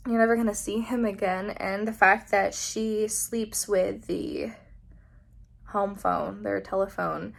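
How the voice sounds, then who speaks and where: A woman's voice: mid-range voice, fairly even intonation, slow, gravelly. A young woman chatting casually in a reading vlog, emotional and gushing, with many fillers. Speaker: book vlogger.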